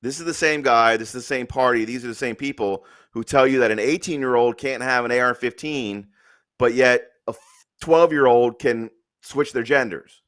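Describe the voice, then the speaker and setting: A man's voice: mid-range voice, normal speed, a bit bright. A man hosting a live stream, talking bluntly and profanely in an opinionated rant, then telling jokes and reading a news story aloud. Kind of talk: opinionated casual talk.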